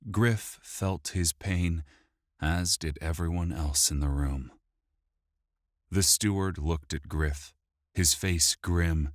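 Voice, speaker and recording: A man narrating a fantasy audiobook in a steady, measured storytelling voice, close to the mic. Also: deep voice, no room sound.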